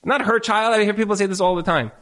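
A man with a fairly high voice speaks into a handheld mic in front of a live audience, giving marriage advice. He is emphatic and repeats his points, and he often throws in rhetorical questions. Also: quick pace, a bit bright. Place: event room with an audience.

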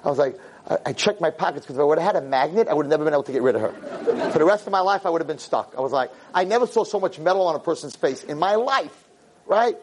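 A man's voice: animated, quick pace, darkish tone, slight background noise. A middle-aged man, a rabbi, telling a story to a convention audience, acting out the dialogue and mixing in Yiddish and Hebrew words. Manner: acts out dialogue with big pitch jumps, sprinkles Yiddish and Hebrew words. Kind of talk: animated storytelling talk.

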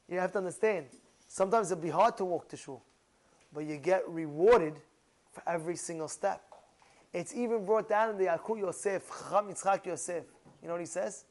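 High-voiced, animated man preaching. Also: rough recording. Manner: animated, emphatic storytelling with rhetorical questions. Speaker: rabbi. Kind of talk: sermon to a congregation.

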